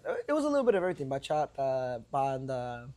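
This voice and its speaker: Fast-talking New guy. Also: mid-range voice, sing-song, mellow. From Brooklyn, New York. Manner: laid-back, slangy storytelling full of "like" and "you know". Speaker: podcast guest, party promoter. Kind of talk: casual interview chat.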